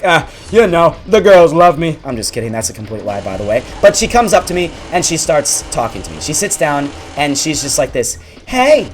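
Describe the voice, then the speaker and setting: A young man hosting a gaming video, telling a school story over gameplay in an animated, exaggerated way. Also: on the high side, a little hiss or hum. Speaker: gaming channel host.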